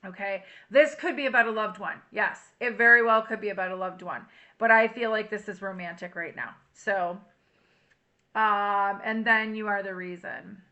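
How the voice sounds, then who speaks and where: A woman's voice: mid-range voice, normal speed, bright, forceful tone. A woman doing a casual tarot reading to camera, chatty and emotional, reading song lyrics aloud. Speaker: tarot reader.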